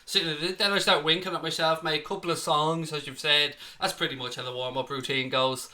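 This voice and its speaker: A man's voice: on the high side, fairly even intonation, fairly quick, pushed and bright. A young Irish man hosting a casual live stream, chatty, blunt and outspoken. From Ireland. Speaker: host.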